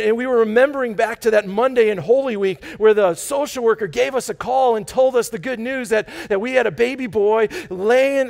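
A man's voice: very high-pitched, gravelly. A man preaching a sermon as pastor of a church, enthusiastic and chatty, with joking asides to the congregation and frequent restarts. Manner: enthusiastic, bursts out with loud exclamations; frequent restarts and repeated words. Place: church sanctuary.

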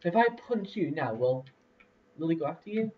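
Commentating a building game in a relaxed way, this young man rambles, laughs and uses lots of fillers as a let's-play host. His voice is a little high, expressive and brisk, heard through a distant lo-fi mic.

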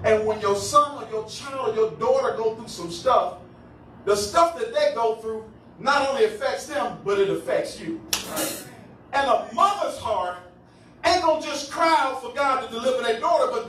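A man pastor with a Cleveland, Ohio accent preaching a call-and-response sermon, climbing into shouted, drawn-out phrases. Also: very high voice. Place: church sanctuary. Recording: echoey church hall from far off, noisy.

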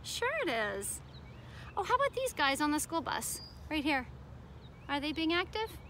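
Female preschool teacher, high bright voice, sing-song storybook reading with questions to kids. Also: sing-song, moderate pace, a little hiss or hum. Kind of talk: reading a picture book aloud to children.

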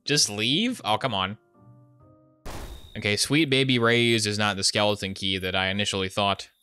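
A man's voice: fairly low pitch, steady tone, moderate pace, sharp tone, clear, resonant tone, no echo, soft background music. A young man commenting on his gameplay live, joking and muttering asides into a desk microphone. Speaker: gaming streamer.

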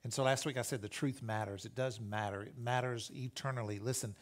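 A man's voice: mid-range voice, steady tone, a little fast. A man preaching a sermon as pastor, telling a story earnestly and then pressing its point, his voice rising and falling in intensity. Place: church.

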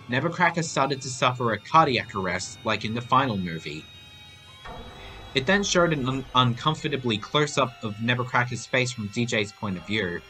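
A man narrating a homemade horror story aloud. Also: mid-range voice. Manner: reading aloud, animated. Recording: faint music behind voice.

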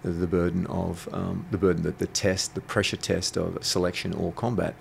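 A man's voice: deep voice, little pitch movement, moderate pace, vocal fry, a little hiss or hum. A man, a guest telling stories in an interview, blunt and provocative, swearing freely. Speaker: guest, intuitive coach. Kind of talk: storytelling interview talk.

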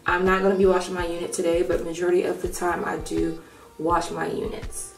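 A young woman vlogging a hair tutorial at home in a casual chat, thinking out loud and rambling, with her morning voice still on. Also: on the low side, little pitch movement, a little fast, vocal fry, far from the mic. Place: room at home. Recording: echoey room, off-mic, faint music.

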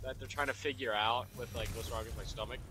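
A young man in casual chat with friends, telling a crude story in an animated way. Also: mid-range voice, fast, very noisy. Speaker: gamer chatting with friends.

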